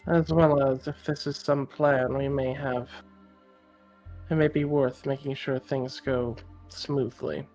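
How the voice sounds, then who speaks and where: A man voicing a composed, practical adventurer who works as a smith, speaking in measured, formal sentences during a tabletop role-play. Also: medium pitch, level tone, a little mellow, faint music behind. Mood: calm.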